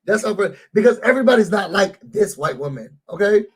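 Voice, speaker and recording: A man with a high-pitched voice rants through a reality-show recap. His tone is husky and a little raspy. He talks animatedly and speaks straight to his viewers. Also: sing-song, brisk. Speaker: YouTube show reviewer. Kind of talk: casual recap rant.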